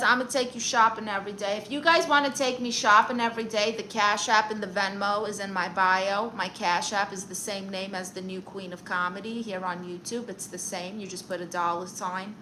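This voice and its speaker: Casting: woman doing a vain, sassy self-styled therapist aunt for a comedy livestream. Bright, forceful tone and quick, boastful comebacks. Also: medium pitch, a little hiss or hum, close to an everyday voice, rough recording. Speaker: livestream comedian reading chat. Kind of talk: in-character livestream chat.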